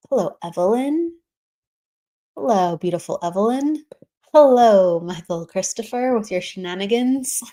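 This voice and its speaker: A chatty woman hosts a livestream, greeting viewers one by one. Her voice sits at an ordinary middle pitch, easy and conversational, with laughter slipping in often. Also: a little mellow. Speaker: livestream host. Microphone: streaming setup, remote.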